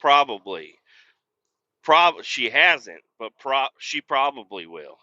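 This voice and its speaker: This podcaster talks from his truck cab in a mid-range voice that sounds pushed and bright, very animated yet slow-paced. The recording is muffled and dry, with no room sound, as he meanders through casual, profanity-laced tales.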